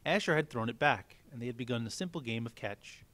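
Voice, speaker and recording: A man, a teacher, reading a novel aloud in a measured, plain storytelling manner. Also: mid-range voice, fairly bright tone, no echo.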